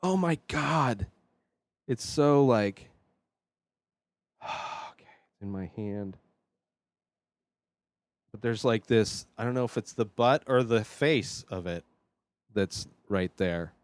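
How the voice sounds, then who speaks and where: Host, male, slow and dry: a jittery rambler who drops to mutters and then bursts out loud. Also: fairly low pitch, clean tone, no room sound. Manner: nervous and rambling, many fillers; swings between quiet mutters and loud outbursts. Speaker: show host. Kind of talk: casual solo vlog.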